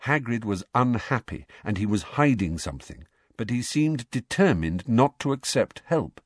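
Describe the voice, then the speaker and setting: A man narrates an audiobook with an expressive, storytelling delivery. His voice sits in the mid range and moves at a moderate pace, captured in a dry, clean studio recording.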